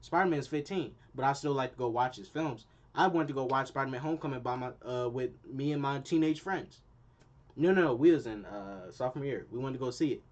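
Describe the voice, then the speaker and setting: A young man in college, a channel host, ranting casually in an animated, slangy, repetitive way, with a dull lo-fi sound. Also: mid-range voice, brisk. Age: young adult. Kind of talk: casual opinion rant.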